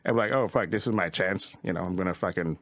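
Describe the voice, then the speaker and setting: A man's voice: low-pitched, fast talker, fairly bright tone, dry recording. A man guesting as a comedian on a podcast, telling rambling stories full of fillers and swearing. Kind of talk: casual podcast storytelling.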